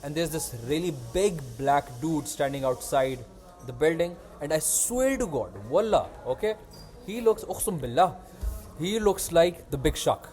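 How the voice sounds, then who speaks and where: A young man hosts a podcast, telling a story in casual chat and animatedly acting out the voices of the people in it. His voice is fairly high and a little slow, with faint music behind him.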